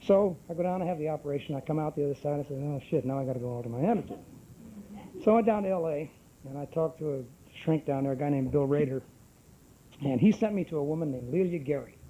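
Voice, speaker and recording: A man's voice: a little high, quick pace, warm tone, slight background noise, rough recording. A middle-aged man giving a brash, wisecracking personal testimony at a recovery group meeting. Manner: brash, salty storyteller with wisecracks.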